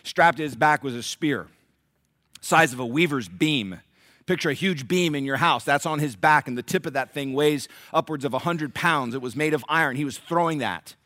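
A man preaching a sermon, telling a story with lively acted-out voices. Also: fairly high pitch, normal speed, no echo, clean studio sound. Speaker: pastor.

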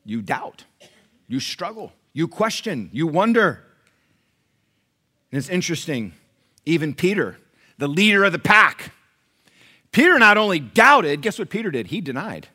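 A male pastor delivers a sermon in a church, swinging his voice up and down as he calls to the congregation. His tone is bright, and his pitch sits a little high. He acts out little voices as he goes. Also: moderate pace. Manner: lively preaching with acted-out voices and calls to the congregation.

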